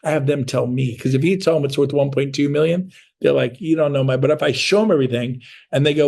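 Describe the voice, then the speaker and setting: A middle-aged man coaching real estate agents in a motivational sales talk, blunt and energetic, acting out little dialogues. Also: medium pitch, fairly quick, creaky.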